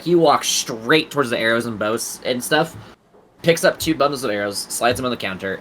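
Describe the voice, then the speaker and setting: A man narrates as game master in a tabletop game, rambling loosely. His voice is bright and sharp, with faint noise behind it. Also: medium pitch, rough recording.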